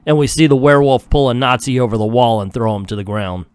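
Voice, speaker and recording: A man's voice: mid-range voice, fast talker, clean tone, no echo, studio quality. A man reading through and reviewing an old comic book in a jokey, casual way.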